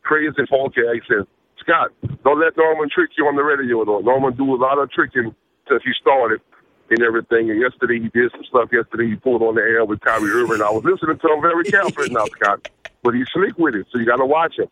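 A man's voice: mid-range voice, fast talker, pushed and bright. A man with a south Louisiana accent calling in to a radio show, talking in a rambling, folksy way over a tinny phone line. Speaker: caller.

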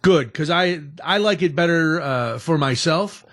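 Middle-aged male radio host, slightly high voice, rambling and chatty, self-deprecating. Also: lively intonation, a little slow, fairly bright tone. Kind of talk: casual radio talk.

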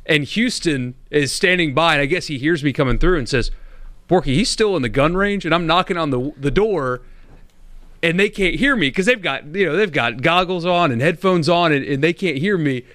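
Lively male radio co-host, dry studio sound. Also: on the high side, dry recording. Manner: quick, animated storyteller. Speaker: radio board operator and co-host. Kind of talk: casual anecdote telling.

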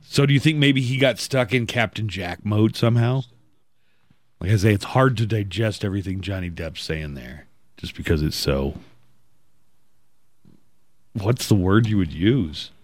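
Wry low-voiced male radio host. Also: measured pace, long pauses, dry recording. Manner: wry, chatty, reads ad copy. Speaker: morning show host. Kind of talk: casual radio talk.

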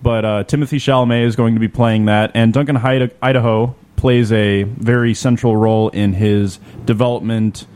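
A man's voice: lowish voice, steady tone, normal speed, hardly any pauses, darkish tone, smooth. A man co-hosting a casual podcast chat, explaining things at length with many restarts and fillers. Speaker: podcast co-host.

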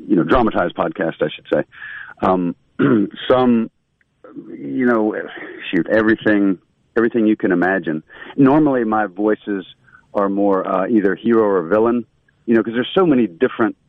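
A man with a fairly low voice talks in an easygoing, halting way and fills his sentences with ums. He is a voice actor guest on a call, and his line sounds thin and phone-like. The sound is very dry. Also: dry recording. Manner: easygoing, hesitant, lots of ums. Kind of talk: casual interview chat.

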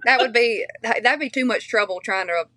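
A woman's voice: fairly high pitch, moderate pace, bright, forceful tone. A woman with a strong regional accent, chatting as an interview guest, rambling with fillers and restarts. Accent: strong regional accent she shares with her family. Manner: chatty, many fillers and restarts, laughs easily. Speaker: interview guest, country singer. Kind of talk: casual interview chat.

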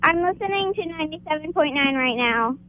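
A teenage girl calls in to a morning radio show, her voice very high and thin through the phone line. She speaks hesitantly and politely, with a few pauses. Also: lively intonation, slight background noise. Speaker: caller.

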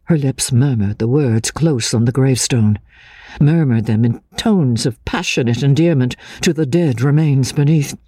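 A man narrating an audiobook in the first person, earnest and expressive. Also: medium pitch, normal speed, breathy edge, no room sound.

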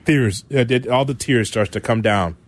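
A man hosting a sports talk radio show with lively, joking banter. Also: medium pitch, normal speed. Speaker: radio host.

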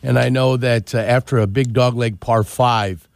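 A man chatting as a radio guest, spinning drawn-out stories about the course at an unhurried, conversational clip. His voice sits right in the middle of the male range, and the studio mic keeps it dry and close with no room sound. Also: medium pitch, steady tone, gravelly, no room sound. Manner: rambling storyteller, drawn-out anecdotes. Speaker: golf guest. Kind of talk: casual radio chat.

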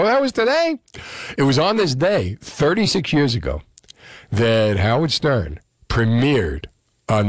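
A man's voice: medium pitch, no echo, studio quality. A middle-aged man with a New Jersey accent, a radio host telling stories in a casual, chatty way with many fillers.

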